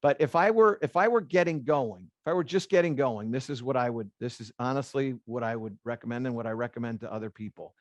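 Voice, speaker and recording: A middle-aged man, a golf instructor, speaking to a room of golf teachers as an animated storyteller who repeats phrases for emphasis. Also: mid-range voice, quick pace, few pauses, dry recording.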